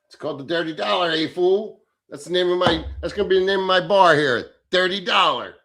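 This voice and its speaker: A man's voice: high voice, a little fast, a bit bright. Give me a blunt, foul-mouthed middle-aged man hosting a livestream and answering chat. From Southern Illinois, USA. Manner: blunt, crude, ranting. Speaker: livestream host.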